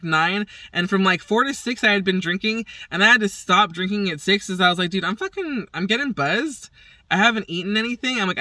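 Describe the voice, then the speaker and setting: A woman's voice: on the low side, pushed and bright, no room sound, far from the mic. A woman hosting her own show, telling a rambling story in casual chat, swearing freely and acting out what everyone said. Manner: profane, acts out quoted dialogue, rambling. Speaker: podcast host.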